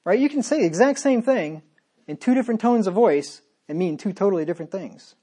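A man preaching a sermon, reading verses aloud and dropping into sarcastic low asides between loud points. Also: animated, fairly quick, slightly rough.

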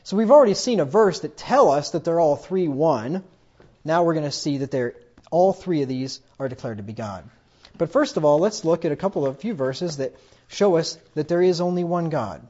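A man preaching a sermon, who gets emphatic and loud when he quotes scripture. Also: on the high side, lively intonation, moderate pace. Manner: emphatic, rises loudly when quoting scripture. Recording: dull lo-fi recording.

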